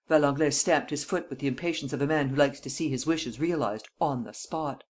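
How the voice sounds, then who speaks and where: A narrator reads a classic mystery novel aloud in a measured, even way. The voice sits at a middle pitch and keeps a steady storytelling pace. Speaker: audiobook narrator.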